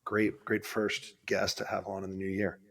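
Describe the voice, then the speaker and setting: A man's voice: on the low side, completely flat delivery, moderate pace, creaky, fairly bright tone. A man co-hosting a podcast in casual chat, teasing his co-host and often restarting his sentences.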